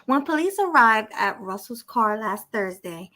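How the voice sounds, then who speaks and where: A woman's voice: a little high, animated, a little slow, pushed and bright. A woman co-hosting a podcast, reading a news story aloud and chatting bluntly, laughing often. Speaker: podcast co-host.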